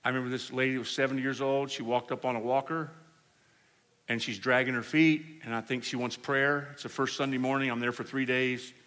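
A man preaching at a healing service, telling stories in an animated way and laughing along with the congregation. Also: mid-range voice, a little fast. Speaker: evangelist. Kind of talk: storytelling sermon. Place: church service. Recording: hall reverb, faint room noise.

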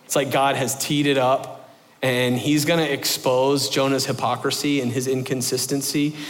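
A man preaching a sermon in an animated, conversational way, stressing points by repeating them. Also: mid-range voice, moderate pace, big-room sound. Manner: animated, conversational, emphatic repetition.

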